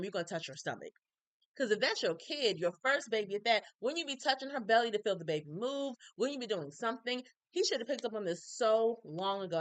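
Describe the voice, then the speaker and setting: A woman gives her blunt, animated take on a true-crime documentary. She speaks at a middle pitch and often slips into short acted-out quotes. The sound is close and dry. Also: clear, resonant tone, no echo. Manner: frank and animated, acts out quoted people. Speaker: recap video host. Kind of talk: casual opinionated commentary.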